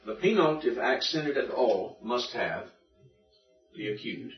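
A man's voice: mid-range voice, expressive, a little slow. Male teacher, patient drilling lecture, recorded from the back of an echoey room, muffled lo-fi sound. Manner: patient, methodical, repeats and drills. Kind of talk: classroom lecture. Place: classroom. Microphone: room recording from a distance. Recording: distant echoey classroom recording, dull lo-fi.

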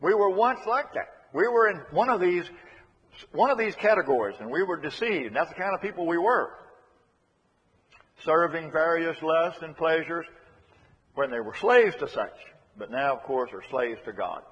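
A man preaching a sermon, earnest and emphatic, circling back on his key phrases. His voice sits a bit high and sounds breathy. The recording is dull and lo-fi, with a long echo from a large hall. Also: lively intonation, normal speed, a bit bright.

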